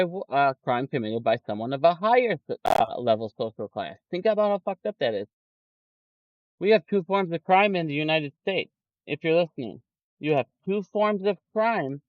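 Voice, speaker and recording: A man streaming stock market commentary rants angrily in a lively pitch, cursing often and parodying the people he quotes with exaggerated voices. The audio is dull lo-fi, dry and free of room sound.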